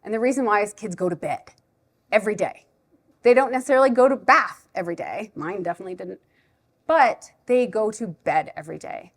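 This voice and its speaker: A woman who teaches preschool, giving a chatty, animated live talk to a parent audience at a library event. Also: medium pitch, brisk. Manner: chatty, animated, self-deprecating.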